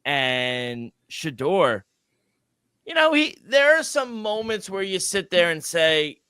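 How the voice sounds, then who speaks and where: Man, podcast co-host, casual betting talk, excitable, smooth resonant voice. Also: high voice, takes it slowly, no room sound. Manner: excitable, swearing, loose restarts. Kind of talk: casual sports betting chat.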